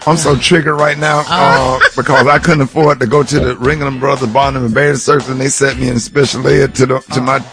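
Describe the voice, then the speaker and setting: Teasing morning radio host. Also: male voice, mid-range voice, little pitch movement, a little fast, gravelly, few pauses, a bit bright, soft background music. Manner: teasing, joking, laughing. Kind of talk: comic radio banter.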